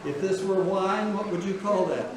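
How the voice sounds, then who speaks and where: A man's voice: high voice, normal speed, over a noisy crowd. A man leading a distillery tour for a group, folksy and chatty, often checking in with the listeners. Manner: folksy, checks in with "okay?" and "all right?". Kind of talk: guided tour talk to a group. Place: distillery warehouse and tasting room. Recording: distant and noisy tour recording.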